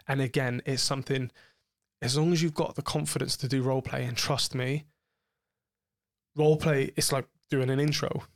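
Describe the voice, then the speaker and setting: A man's voice: medium pitch, fairly even intonation, normal speed, no room sound, studio quality. A man, co-hosting a podcast, talking frankly and explicitly about sex in a rambling way with many fillers. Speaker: podcast co-host.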